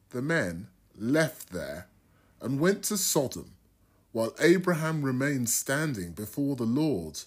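A man giving a liturgical scripture reading, slow and deliberate. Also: mid-range voice, sing-song, slightly rough. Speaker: scripture reader.

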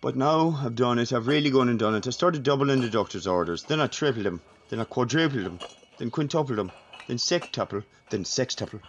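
A man improvising a crude comic monologue in a voice message, rambling and bursting into whiny shouts. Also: medium pitch, expressive, a little fast, highs cut off, slight background noise. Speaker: voice message caller.

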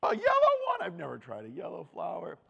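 A man voicing a greedy, childlike sheep munching flowers, in a high squealing voice. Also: huge pitch swings, fairly quick, gravelly, pushed and bright, husky, dull audio, full character voice. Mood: delighted.

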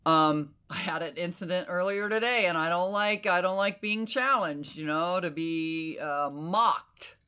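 A woman hosting a casual conversation, animated and emphatic, who swears freely and slips into quoted inner voices. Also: fairly low pitch, unhurried, few pauses, clear, resonant tone. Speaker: podcast host.

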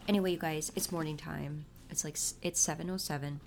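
A woman's voice: low voice, steady tone, fairly quick, a little mellow. A woman talking casually to her viewers, confiding about her family and her faith. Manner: chatty, confessional, talks about faith. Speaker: vlogger and mother. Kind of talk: casual confiding vlog chat.

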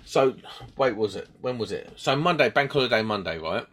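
A man's voice: mid-range voice, fairly quick. A man with a British accent chatting casually, telling a long rambling story and acting out the voices of the people in it. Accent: British English. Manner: rambling and animated, acts out voices in his stories.

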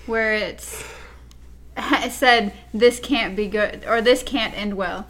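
A woman's voice: medium pitch, steady tone, takes it slowly, a bit bright. A woman co-hosting a podcast in casual review chat, easygoing and often giggling. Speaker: podcast co-host.

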